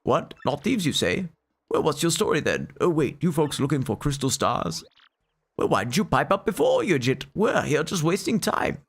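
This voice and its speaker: A man voicing a grumpy, frightened old turtle man with a cranky, excitable delivery. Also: fairly high pitch, moderate pace, breathy edge, exaggerated voice.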